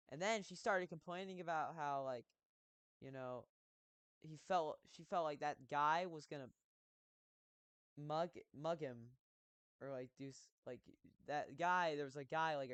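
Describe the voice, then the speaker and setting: A young man streaming a game, telling a story casually, rambling with many fillers and restarts and bursts of loud emphasis. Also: fairly high pitch, clean tone, dry recording. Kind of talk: casual storytelling while gaming.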